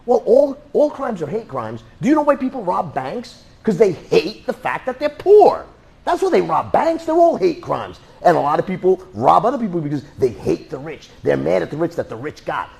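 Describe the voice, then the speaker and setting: A man teaching a self-defense class in a blunt, joking, animated way. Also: high-pitched, moderate pace, vocal fry, breathy edge. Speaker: martial arts instructor.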